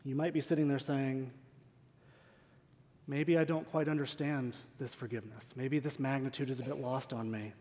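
Earnest preacher in a reverberant hall. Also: male voice, mid-range voice, steady tone, normal speed, darkish tone. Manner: earnest, emphatic, rhetorical questions. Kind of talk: sermon. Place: church sanctuary.

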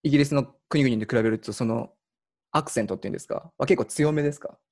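Low-voiced, rapid-fire woman host. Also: a little mellow. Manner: quick questions, constant short backchannels. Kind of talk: casual interview chat.

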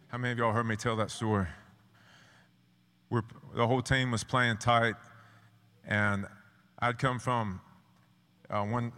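Southern guy from south georgia preaching, kinda low, lots of restarts, echoey big hall. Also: a bit bright. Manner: halting, earnest, many restarts. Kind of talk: sermon.

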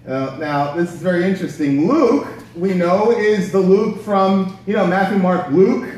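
A man's voice: high voice, a little slow, darkish tone. A man preaching a sermon, telling the story in a casual, slangy way. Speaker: pastor. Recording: echoey hall from far off.

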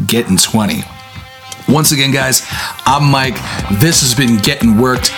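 A man hosting a podcast, chatting casually and reading odd news aloud with animated delivery. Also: mid-range voice, measured pace, pauses often, breathy edge, faint music behind. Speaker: podcast host. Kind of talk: casual chat.

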